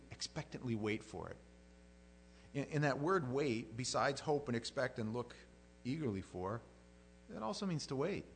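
A man's voice: medium pitch, a bit bright, a little hiss or hum. Folksy jokey male preacher. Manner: folksy, jokey, acts out quotes in a silly voice. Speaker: pastor. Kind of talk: conversational Bible teaching.

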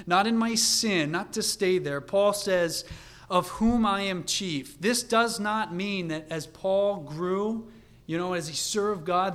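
A man preaching a sermon in an earnest way, dropping to a quiet, confiding tone and then building to a fervent pitch. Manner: earnest, swings from hushed to fervent.

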